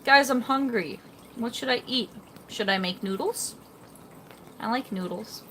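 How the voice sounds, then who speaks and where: A woman's voice: a little high, unhurried, a bit bright, slight background noise. A young woman chatting casually on a live stream, rambling and reading out chat comments beside her fish tank at home. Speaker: fish-keeping livestreamer.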